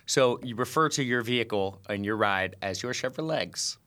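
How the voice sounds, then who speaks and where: A man co-hosting a podcast, bantering casually and reading news headlines aloud, animated and wry. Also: medium pitch, moderate pace. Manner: animated, wry, deadpan corrections. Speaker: podcast co-host.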